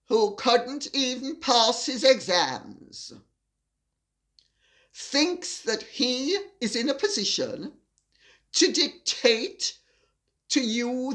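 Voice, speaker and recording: Older woman commentator, indignant, emphatic, unhurried delivery. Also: high voice, a bit bright. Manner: indignant, emphatic, deliberate with drawn-out stresses. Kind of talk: opinion monologue to camera.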